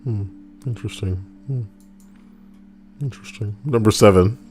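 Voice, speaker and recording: A man's voice: fairly low pitch, normal speed, a little mellow, faint music behind. A man streaming and chatting casually, joking and rambling in a goofy way.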